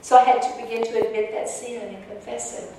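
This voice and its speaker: A woman's voice: on the high side, steady tone, fairly quick. A woman telling her own story to an audience in an earnest, emotional way. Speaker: speaker sharing personal testimony. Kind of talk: personal testimony talk to an audience. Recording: echoey hall from far off, faint noise.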